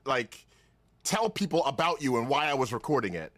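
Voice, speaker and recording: A man's voice: medium pitch, big pitch swings, normal speed, a bit bright, dry recording. A man hosting a casual podcast, rambling with lots of restarts and laughing often. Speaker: podcast host.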